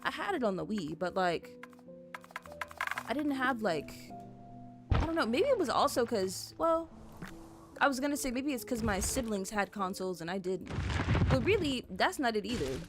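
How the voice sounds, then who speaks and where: A young woman streamer with a sing-song voice on the high side talks at normal speed, with long pauses, over music while building in a game. She rambles casually to her chat, full of "like" and "you know," and comes across apologetic and chatty with viewers.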